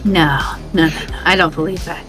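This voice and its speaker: A woman's voice: lowish voice, fairly even intonation, moderate pace, fairly bright tone, faint music behind, low-quality recording. A woman on a podcast panel, chatting casually and thinking aloud with hesitations.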